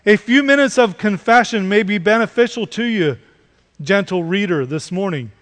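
A man's voice: high voice, animated, normal speed, fairly bright tone. A man preaching a Sunday morning sermon as pastor, building to emphatic repeated questions. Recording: long reverb of a large hall.

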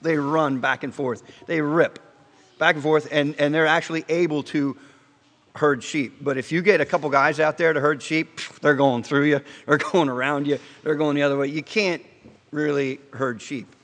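A man preaching a sermon in a conversational, storytelling way, asking the congregation questions and slowing down to stress key points, with frequent restarts. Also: fairly high pitch, fairly even intonation, a bit bright. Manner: halting restarts, slows for emphasis. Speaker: pastor. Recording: long hall reverb.

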